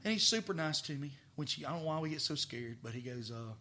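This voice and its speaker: A middle-aged man with a drawl shares stories as a podcast guest. His voice is strikingly bright and sharp. He stammers and repeats words while acting out bits of dialogue. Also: fairly high pitch, expressive, fast talker, hardly any pauses. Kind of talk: casual storytelling.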